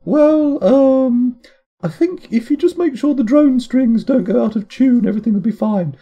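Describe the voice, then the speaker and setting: A man putting on a high falsetto as a polite, hesitant female mission handler who keeps stalling with ums. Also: lively intonation, normal speed, husky, highs cut off, full character voice.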